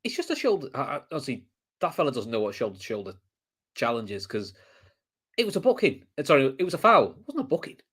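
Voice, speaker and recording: A man's voice: mid-range voice, wildly swooping pitch, quick pace, a bit bright, slightly rough. A man co-hosting a casual football reaction show, ranting about the referee and swearing freely. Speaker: podcast co-host. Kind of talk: casual match-reaction chat.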